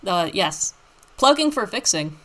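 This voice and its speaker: A woman's voice: medium pitch, big pitch swings, unhurried, a bit bright. A woman co-hosting a casual live stream chat, rambling and laughing often as she reads out comments. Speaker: podcast co-host.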